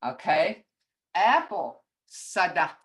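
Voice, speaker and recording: An older woman teaching a beginner language class over a video call, speaking slowly and patiently, often chuckling as she repeats each word. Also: fairly low pitch, sing-song, fairly bright tone. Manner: slow, patient, repeats words to model sounds; chuckles often while explaining.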